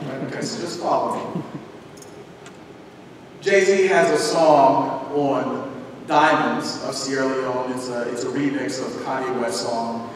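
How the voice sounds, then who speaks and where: A man giving a talk as a guest speaker, telling a personal story in a lively way and acting out the voices of the people in it. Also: medium pitch, unhurried. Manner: animated, acts out voices in his story. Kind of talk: storytelling lecture. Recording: echoey hall recording from far off, noisy.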